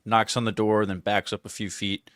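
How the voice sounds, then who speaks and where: A man's voice: fairly low pitch, flat delivery, fairly quick, fairly bright tone, no room sound, studio quality. A man co-hosting a live talk show, cracking jokes and laughing along.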